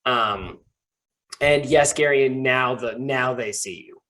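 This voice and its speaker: Casting: relaxed male game master, casual and hesitant delivery. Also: mid-range voice, low-quality recording. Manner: casual, halting with fillers, laughs easily. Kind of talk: narrating a tabletop game.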